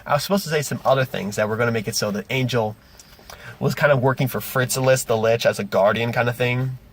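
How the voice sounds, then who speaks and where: A man with a medium-pitched voice and quick pace recaps his tabletop game session as game master in a casual vlog. He rambles, fixes his own statements as he goes, and animates his retellings.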